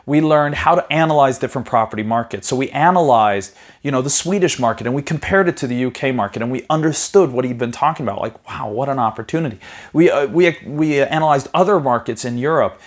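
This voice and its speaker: A man, a property investing educator, telling his personal story in a conversational way, full of "you know" and quick restarts, livening up when he retells conversations. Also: mid-range voice.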